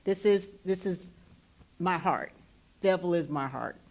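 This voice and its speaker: A woman's voice: lowish voice, normal speed, a little mellow. A middle-aged woman gives an enthusiastic, folksy public welcome speech in a forum hall, often repeating her words. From North Carolina. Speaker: commissioner giving a welcome.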